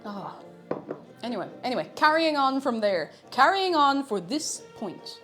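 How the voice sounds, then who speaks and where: A young Irish woman chats to her stream as she cooks, her pitch bouncing all over the place. She is playful and rambling, sitting a little higher than most women. Faint music plays in the background. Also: very animated, a little slow, fairly bright tone. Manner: chatty and playful, rambling, reads out chat. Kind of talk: casual live-stream chat while cooking.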